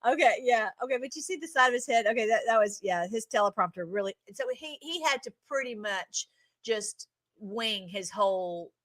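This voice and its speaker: A woman's voice: on the high side, lively intonation, moderate pace, fairly bright tone. Effusive woman hosting a livestream. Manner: effusive and emotional, many restarts and fillers. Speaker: livestream host commenting on clips. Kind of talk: casual livestream commentary.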